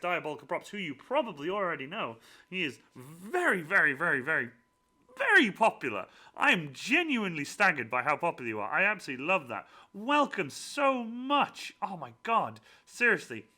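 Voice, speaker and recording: A man hosting a casual livestream Q and A, excitable and gushing, quick to laugh. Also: high-pitched. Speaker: livestream host.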